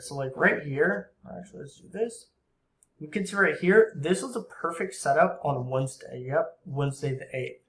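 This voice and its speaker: A young man with a slightly high voice explains forex trading over a screen recording, casual and slangy. He slips into quick voices for panicking traders and market makers. The room is echoey. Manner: slang-heavy and conversational.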